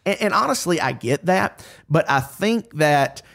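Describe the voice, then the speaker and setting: Pastor type, fairly high gravelly voice, earnest and lively, chatty podcast delivery. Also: male voice, unhurried. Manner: earnest, animated storyteller with frequent restarts. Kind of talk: casual podcast discussion.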